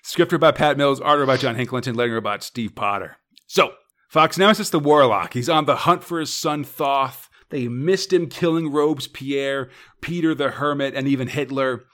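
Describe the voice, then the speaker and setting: Man, podcast co-host, casual chat, playful plot recaps, mid-pitched voice. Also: normal speed, fairly bright tone. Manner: chatty, recaps plots with playful asides.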